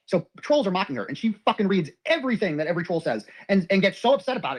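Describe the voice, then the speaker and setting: A man's voice: high-pitched, big pitch swings, rapid-fire, hardly any pauses, slightly rough. A man in a ranting monologue, profanely reading his ex's messages aloud and picking them apart.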